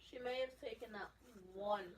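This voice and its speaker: A woman's voice: fairly high pitch, moderate pace. Earnest woman, heard from a distance. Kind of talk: casual vlog talk. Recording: distant voice with faint background noise.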